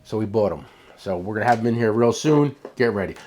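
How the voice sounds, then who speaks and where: Rambling New Jersey tool-shop host, animated and jokey, faint noise. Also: male voice, fairly low pitch, quick pace. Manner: animated, rambling, joking with cohost. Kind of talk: casual product chat.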